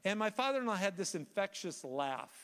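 A man preaching a sermon, telling a story in an animated way with frequent restarts and fillers. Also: high voice, a little fast, clear, resonant tone. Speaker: guest preacher. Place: church sanctuary. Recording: reverberant church sanctuary.

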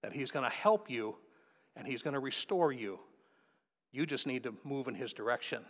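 A man's voice: medium pitch, animated, moderate pace. A man preaching a sermon, telling a personal testimony and then exhorting his listeners fervently. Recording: long hall reverb.

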